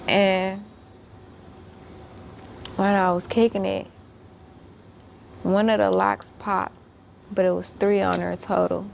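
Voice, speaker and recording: Profane woman with a gravelly voice. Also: medium pitch, little pitch movement, slow pace, pauses often, slight background noise. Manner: blunt, profane and emphatic; repeats and restarts when worked up. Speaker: guest. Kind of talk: storytelling.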